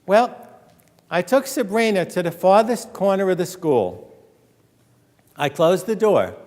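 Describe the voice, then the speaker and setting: High-voiced man lecturing in a reverberant hall. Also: a little slow. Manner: animated, acts out quoted dialogue, jokes with audience. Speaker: author giving a lecture. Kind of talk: storytelling lecture with audience quiz.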